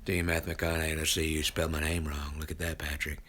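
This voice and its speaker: A man doing an impression of a famous actor, with a slow, lazy, hushed drawl. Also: rumbling low, little pitch movement, pitched below the performer's own voice.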